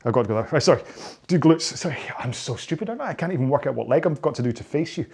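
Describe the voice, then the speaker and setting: A man's voice: fairly high pitch, animated, rapid-fire, gravelly, darkish tone, slightly rough. A middle-aged man leading stretches after a rowing workout, chatty and self-mocking, with rambling asides. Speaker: rowing coach. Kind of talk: follow-along workout instruction.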